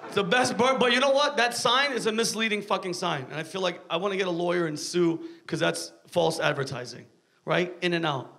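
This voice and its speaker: A man's voice: high-pitched, fairly quick, gravelly, fairly bright tone. A stand-up comedian from New York, ranting profanely through his set. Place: comedy stage.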